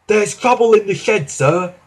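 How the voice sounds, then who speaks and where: A man's voice: high voice, lively intonation, normal speed, breathy edge, pitched above the performer's own voice. Man doing a fretful station master. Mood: urgent. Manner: urgent, respectful. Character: worried station master, respectful to his boss.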